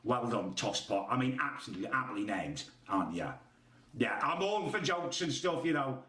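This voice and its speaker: A YouTuber gives indignant, sarcastic commentary. His pitch swings with animated emphasis, and an echoey room surrounds the voice. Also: moderate pace, recorded from a distance. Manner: sarcastic, exasperated. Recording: roomy echo.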